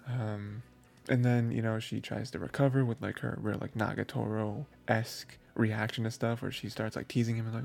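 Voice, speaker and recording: A man's voice: lowish voice, level tone, normal speed, creaky, a little mellow. A man hosting an anime review show, rambling through a casual recap with lots of fillers and laughs. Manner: rambling, filler-heavy, laughs while recounting.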